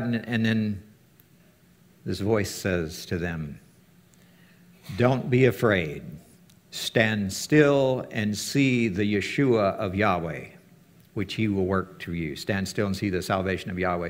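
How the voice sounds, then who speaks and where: A man preaching a relaxed, conversational sermon at an even middle pitch. He keeps it chatty, with fillers and restarts, and leaps up in pitch whenever he acts out a quote. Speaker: teacher of a fellowship. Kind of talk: casual sermon.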